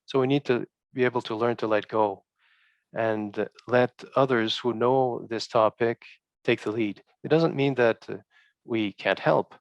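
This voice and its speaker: A male researcher presenting study results in a halting way, with many fillers and restarts. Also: medium pitch, steady tone, no room sound, lo-fi sound.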